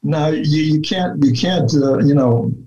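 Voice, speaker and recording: A man talking through his research in a relaxed interview, deliberate and full of fillers and restarts. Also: fairly high pitch. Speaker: researcher guest. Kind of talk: conversational interview talk. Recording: dull lo-fi sound.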